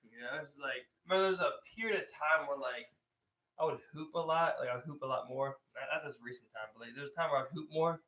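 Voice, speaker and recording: A man's voice: a little high, fast talker, bright, forceful tone, poor audio. A man co-hosting a podcast, chatting casually and rambling with lots of "like" and "you know". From Maryland, US. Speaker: podcast co-host. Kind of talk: casual chat.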